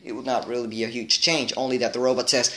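A man's voice: mid-range voice, level tone, fast talker, sharp tone, a little hiss or hum. A man making a casual video, chatting straight to his viewers as he shows off toy robots in a rambling way. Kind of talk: casual show-and-tell to camera.

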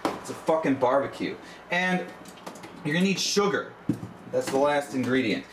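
A man's voice: mid-range voice, lively intonation, normal speed. A young man hosting a crude comedic cooking demo, swearing constantly as he gives brash instructions. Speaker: cooking show host. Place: kitchen and backyard grill. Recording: echoey home video with background noise.

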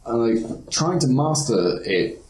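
A man's voice: medium pitch, lively intonation, slow pace, darkish tone, roomy sound, low-quality recording. A man on a podcast panel, chatting casually, often repeating words as he starts a thought and swearing now and then. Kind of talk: casual chat.

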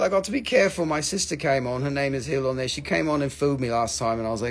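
A man's voice: medium pitch, lively intonation, quick pace, few pauses, a bit bright. A man hosting a live mineral sale in casual, joking patter, teasing his viewers and swearing now and then.

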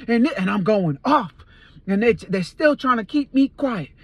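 A man's voice: high voice, lively intonation, normal speed, dry recording. A man giving a fervent personal testimony, earnest and repeating phrases for emphasis. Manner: tells events as a dream story. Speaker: Christian testifier.

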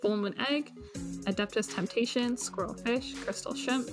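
High-voiced playful woman hosting a quiz. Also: normal speed. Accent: Cantonese. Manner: playful, teasing, mixes English and Cantonese. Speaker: quiz host and teacher. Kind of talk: hosting a live online quiz lesson. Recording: music playing behind the voice.

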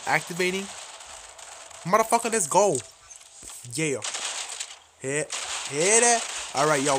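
Give me a man doing excitable, swear-heavy gameplay commentary over a noisy, hissy recording. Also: fairly high pitch. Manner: profane, excitable, self-mocking.

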